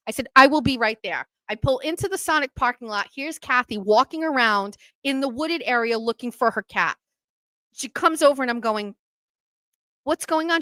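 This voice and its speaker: A woman tells a story on her own show, lively and quick to act out everyone's lines. Her voice sits a little high and sounds bright and forward. The recording is close and dry. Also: no echo. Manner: animated, acts out quoted voices. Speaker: podcast host. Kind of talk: casual storytelling.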